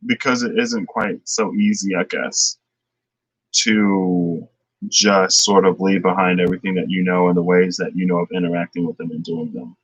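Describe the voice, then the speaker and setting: A man giving a casual tarot reading, chatty and thinking aloud, slipping into animated retellings. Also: low voice, moderate pace, breathy edge, no echo, rough recording. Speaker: tarot reader.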